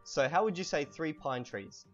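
A young man giving a casual language lesson while playing a video game, relaxed and chatty, slowly stressing words so they can be heard. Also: a little high, lo-fi sound, soft background music. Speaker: language teacher.

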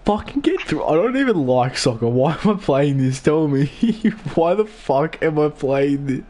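A man's voice: a little high, very animated, measured pace, warm tone. A young man streaming a football video game, chatting casually with crude swearing and joking banter. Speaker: gaming streamer. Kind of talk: casual gaming-stream chat.

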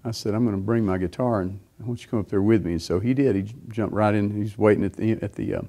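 A man's voice: lowish voice, fast, mellow. A middle-aged man preaching, telling a personal story in a rambling way with many fillers and restarts. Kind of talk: sermon testimony.

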